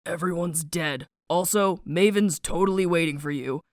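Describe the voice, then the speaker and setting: A woman voicing an eerie, red-eyed male seer who speaks in slow, hushed, cryptic lines. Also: fairly low pitch, no echo, clean studio sound, pitched below the performer's own voice, natural voice.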